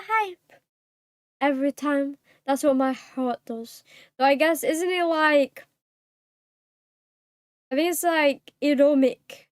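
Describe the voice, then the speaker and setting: A young British woman streaming live, chatting casually with her viewers and reading their messages, bubbly, giggly and quick to apologize. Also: sits high, no echo, studio quality.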